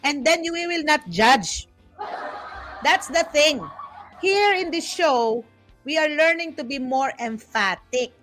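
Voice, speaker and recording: A woman with a Filipino accent hosts a casual talk show, chatting and switching between English and Tagalog. Her high-pitched voice is animated, slow, and a bit bright, and she restarts often and teases herself in playful asides while faint music plays behind her.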